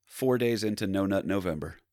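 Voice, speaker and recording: A stand-up comedian from New Jersey, appearing as a podcast guest, tells rambling stories packed with fillers and restarts. His low, slightly mellow voice runs a little fast, captured in clean studio sound with no room tone.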